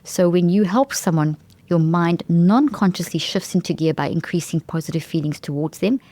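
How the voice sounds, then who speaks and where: A woman's voice: lowish voice, moderate pace, mellow, no echo. A woman hosting a talk show, explaining brain science in an enthusiastic, emphatic way and often restarting phrases mid-sentence. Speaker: podcast host.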